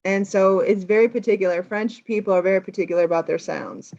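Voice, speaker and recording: An American woman teaching English, retelling a film plot in a lively, explaining way for learners. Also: mid-range voice, fast talker, creaky, dull audio. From United States.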